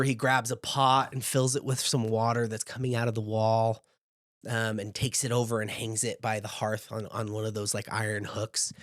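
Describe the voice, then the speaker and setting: A man narrating a tabletop game as game master, describing scenes at an unhurried pace with casual asides. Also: mid-range voice, no echo, clean studio sound.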